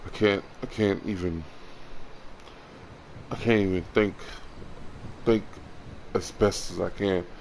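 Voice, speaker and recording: A frustrated, upset man speaking in an emotional confessional vlog, halting, repeating his words and swearing. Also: deep voice, steady tone, gravelly, darkish tone, slight background noise. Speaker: vlogger.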